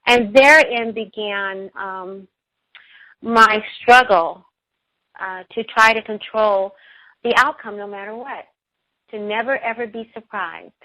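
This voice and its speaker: A woman's voice: mid-range voice, fairly even intonation, slow pace, pushed and bright, dry recording, low-quality recording. A middle-aged woman, a radio show guest, telling a personal story in an earnest, emotional way.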